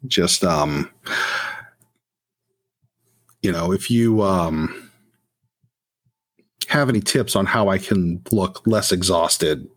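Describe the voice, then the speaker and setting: Man doing a weary vampire, husky low voice, earnest and defensive. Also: slow, pauses often, dry recording. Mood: dutiful. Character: weary male vampire ritualist, loyal and stiff.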